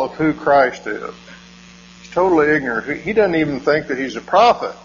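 Preacher, man, unhurried earnest sermon delivery; lo-fi tape with mains hum. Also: medium pitch, fairly bright tone. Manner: earnest storytelling, frequent "uh" pauses. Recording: dull lo-fi recording with mains hum.

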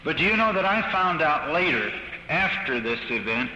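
A man giving his own testimony as a sermon, telling it earnestly with halting restarts, recorded on an old archival tape in a reverberant hall. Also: on the high side, sing-song, sharp tone, lo-fi sound, a little hiss or hum. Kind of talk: sermon-style personal testimony.

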